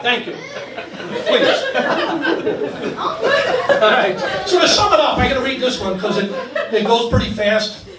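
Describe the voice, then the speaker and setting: A man's voice: extremely high pitch, expressive, fairly quick, hardly any pauses, over a noisy crowd. Man in his sixties giving an emotional wedding speech. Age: 60s. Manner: joking, emotional, chokes up. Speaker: father of the bride. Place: wedding reception hall. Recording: echoey hall, distant mic, noisy.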